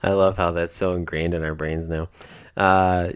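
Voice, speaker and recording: Deep-voiced excitable podcast guy. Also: normal speed, clear, resonant tone, no echo, studio quality. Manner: profane, excitable, laughs often. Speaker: podcast co-host. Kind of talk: casual wrestling recap chat.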